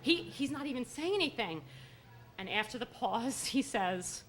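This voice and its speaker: A middle-aged woman telling a comic story on stage in an animated, high-strung way. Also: normal speed. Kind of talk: live storytelling performance. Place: live stage at a story slam.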